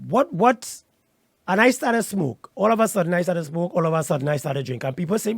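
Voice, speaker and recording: Lively low-voiced woman. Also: fairly quick, gravelly, husky, dry recording. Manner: frequent backchannels, asks questions. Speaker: co-host. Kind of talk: casual discussion.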